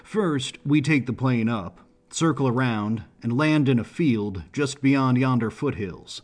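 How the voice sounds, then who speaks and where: A man voicing a big, easygoing pilot with a drawl and a husky voice. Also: mid-range voice, lively intonation, soft background music. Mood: folksy. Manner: slow folksy drawl, colloquial.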